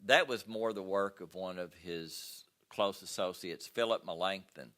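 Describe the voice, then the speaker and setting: A man's voice: deep voice, measured pace, pushed and bright. An older man teaching a history class, talking casually with fillers and stories from his own travels. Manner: conversational, with many fillers and personal anecdotes. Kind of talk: classroom lecture.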